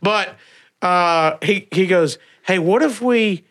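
Spinning casual stories on a podcast, this Southern-accented comedian from Alabama gets animated and performs the voices of the people in his tales. His voice sits high, and he takes his time.

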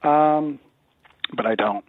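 A man's voice: a little high, slow pace, no room sound, phone-quality sound. A man who sells furniture, cracking jokes and coaching a host through prank calls. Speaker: furniture salesman guest. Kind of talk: casual banter.

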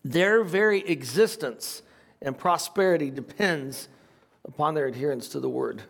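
A man's voice: fairly high pitch, moderate pace, vocal fry, fairly bright tone, breathy edge. An older man preaching a conversational Bible lesson, reading passages aloud and adding casual asides with light laughter. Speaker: pastor teaching a Bible study. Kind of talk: sermon.

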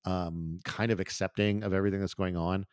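A man's voice: sits low, flat delivery, fairly quick, no room sound, clean studio sound. A man co-hosting a podcast in casual, joking chat. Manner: joking, loose, swears casually. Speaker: podcast co-host.

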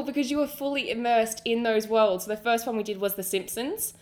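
A woman's voice: on the high side, a little fast, a little mellow. An Australian woman co-hosting a podcast, chatting casually and enthusiastically about a trip. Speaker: podcast co-host. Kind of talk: casual chat.

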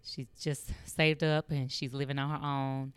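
A woman tells stories in a low, resonant voice. She acts out the people she quotes. The sound is dry and close. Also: a little slow, clean tone, no room sound. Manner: animated storyteller acting out quoted voices. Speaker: public health worker and guest. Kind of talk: storytelling in an interview.

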